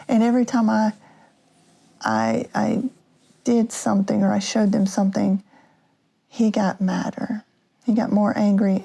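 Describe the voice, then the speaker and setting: Female podcast host, slow and halting storyteller, dark gravelly tone. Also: medium pitch. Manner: halting, many restarts and fillers. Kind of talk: personal storytelling.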